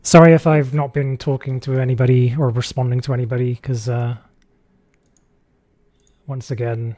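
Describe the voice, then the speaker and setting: A man hosting a casual gaming livestream, chatting in a relaxed way and reading viewer messages aloud. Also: medium pitch, normal speed, no room sound. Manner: relaxed, chatty, reads chat aloud, frequent fillers. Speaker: streamer host.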